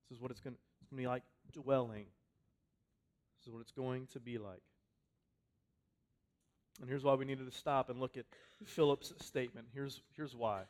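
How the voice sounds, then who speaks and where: Man preaching with dramatic repetition. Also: medium pitch. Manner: conversational preaching with repeated phrases and sudden volume swings. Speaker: pastor. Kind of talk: sermon. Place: church hall with a congregation.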